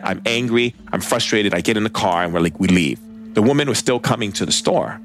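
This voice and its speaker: A man's voice: deep voice, fairly bright tone. A man telling stories in a casual, rambling way, full of filler words, as a spiritual teacher. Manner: rambling, filler-heavy, conversational. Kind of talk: casual storytelling talk.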